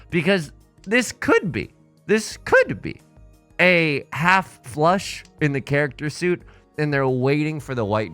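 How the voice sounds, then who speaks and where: A man hosting a let's play, giving excitable, jokey commentary full of exclamations as he plays. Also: on the high side, clean tone. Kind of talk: live gameplay commentary.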